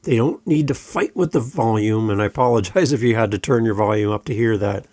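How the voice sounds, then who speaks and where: A man's voice: fairly low pitch, fairly quick, darkish tone, dry recording. A man hosting a podcast and coaching other podcasters, giving advice in a direct, emphatic way and repeating his key points. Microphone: close studio microphone.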